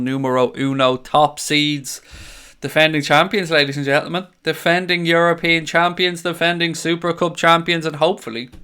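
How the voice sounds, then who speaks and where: Irish guy live streaming, smooth clear voice a bit high, swears a lot, chatty. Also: sharp tone. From Ireland. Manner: blunt and sweary, chatty asides to viewers. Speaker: fan channel host reading live chat. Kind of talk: casual live-stream chat.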